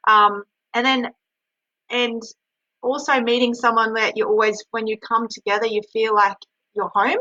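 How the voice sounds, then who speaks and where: A woman's voice: on the high side, flat delivery, moderate pace, bright, forceful tone, dry recording, highs cut off. A woman hosting a webinar, talking casually and rambling with many restarts. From Australia. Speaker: webinar host and healer.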